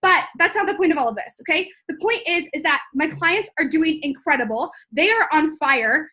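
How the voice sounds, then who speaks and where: A woman in her twenties, a business coach talking excitedly to viewers in a live stream, gushing with lots of likes and ums. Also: high voice, moderate pace. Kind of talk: live-streamed sales talk.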